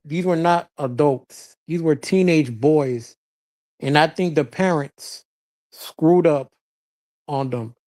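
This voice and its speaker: A man talks on his own stream in a relaxed, unscripted way. His voice has a warm, mellow tone. He rambles, trips over words and restarts them, and drops casual swears. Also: fairly high pitch. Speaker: streamer host. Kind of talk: casual commentary monologue. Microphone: streaming setup mic.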